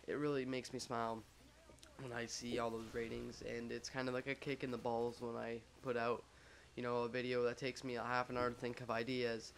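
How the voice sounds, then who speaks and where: A man's voice: medium pitch, completely flat delivery, fairly quick, gravelly, slight background noise. A young man telling a story casually over gameplay, rambling with lots of fillers and self-mocking jokes.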